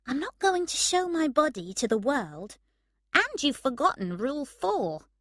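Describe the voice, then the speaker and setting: A woman acting a proud, sharp-tongued young woman. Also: sits high, sing-song, a little slow, no echo, clean studio sound, voice pushed up, exaggerated voice. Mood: teasing.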